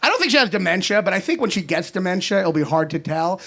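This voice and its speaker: A man in his thirties from Kentucky doing an animated, sarcastic stand-up set on a comedy club stage, swinging between loud rants and mutters. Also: high-pitched, quick pace, vocal fry. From Kentucky, USA. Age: 30s. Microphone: handheld stage mic. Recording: live club recording with audience noise. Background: audience laughter.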